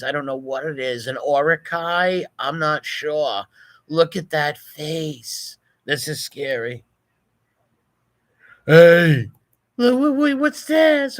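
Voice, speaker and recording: Sharp-voiced mocking male commentator. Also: a little high, no room sound. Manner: mocking, profane, running insults. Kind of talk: reaction commentary over video.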